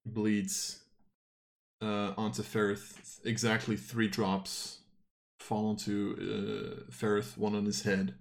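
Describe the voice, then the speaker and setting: A man narrating as game master of a tabletop game, halting and full of fillers. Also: lowish voice, completely flat delivery, gravelly.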